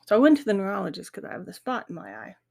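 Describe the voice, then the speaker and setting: A woman's voice: mid-range voice, vocal fry, a little mellow. A middle-aged woman hosting a grief podcast, talking candidly and earnestly in a reflective monologue. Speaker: podcast host. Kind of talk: casual monologue.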